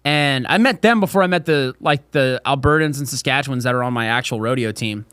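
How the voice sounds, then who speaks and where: A man's voice: mid-range voice, a little fast, a bit bright, clean tone, no echo, studio quality. A young man hosting a casual podcast, telling crude, rowdy stories and mimicking voices. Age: young adult. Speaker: podcast host.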